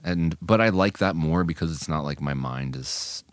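A young man with a strikingly deep, low voice chats casually on a podcast, rambling and a little self-deprecating. The sound is dry and close, with no room echo. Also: normal speed. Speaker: podcast co-host. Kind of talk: casual chat.

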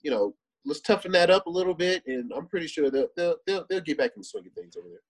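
Husky-voiced male sports podcast co-host. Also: a little high, fast, poor audio. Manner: relaxed, rambling with fillers. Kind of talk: casual sports talk.

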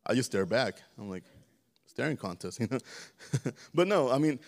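A man's voice: medium pitch, sing-song, moderate pace. A man preaching a casual sermon in a church, often stammering, repeating words and checking in with the congregation. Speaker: preacher teaching a church service. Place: church sanctuary.

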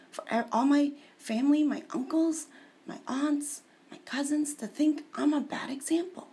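A woman's voice: high-pitched, moderate pace, mellow. A woman talking about her faith in an emotional, personal monologue, often dropping into tearful whispers.

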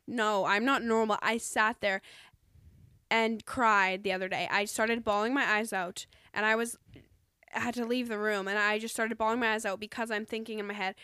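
Earnest young woman, smooth clear voice. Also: a little high, bright, forceful tone, no echo. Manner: earnest, rambling with many "like"s. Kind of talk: casual chat.

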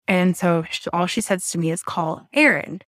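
A woman in her thirties from Southwest Florida shares a deep loss as a podcast guest. She talks candidly, her emotion rising through halting restarts and blunt words. The sound is dry and close, with no room echo. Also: level tone. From Southwest Florida, USA. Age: 30s. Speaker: interview guest. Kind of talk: personal storytelling in a podcast interview.

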